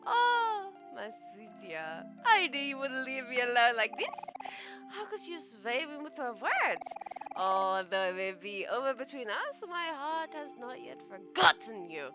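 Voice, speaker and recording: A pompous, self-adoring princess boss from a video game, put on by a woman streamer with a fake mixed German and French accent. Her speech is slow, swoops widely and sits a touch high, with game music clearly heard behind. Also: sing-song, heavily acted. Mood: grandiose. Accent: put-on mix of German and French. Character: vain, theatrical princess boss, female, adult.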